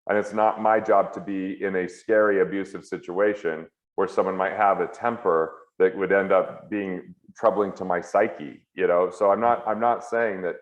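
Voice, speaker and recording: A man as an interview guest at home, talking earnestly and candidly in quick heartfelt bursts. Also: low-pitched, fairly even intonation. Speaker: guest, financial author and comedian. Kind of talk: earnest reflective conversation. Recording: roomy, slightly dull sound.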